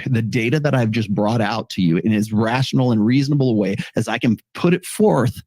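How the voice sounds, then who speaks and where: A man gives argumentative video commentary in an earnest voice of middling pitch, laying out his case point by point. His voice sounds dry and close to the mic. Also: darkish tone, no echo.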